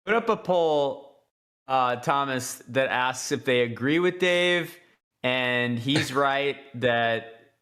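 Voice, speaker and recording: A man co-hosting a sports podcast, teasing the others in a dry, deliberate way. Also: medium pitch, expressive, fairly bright tone. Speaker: podcast co-host. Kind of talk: casual podcast banter.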